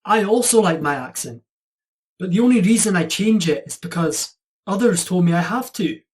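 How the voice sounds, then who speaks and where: A performer playing a quirky Scottish accent coach with a Scottish accent, patient and a bit teasing, in an online student drama over a video call. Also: male voice, high-pitched, lively intonation, normal speed. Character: quirky Scotsman accent teacher.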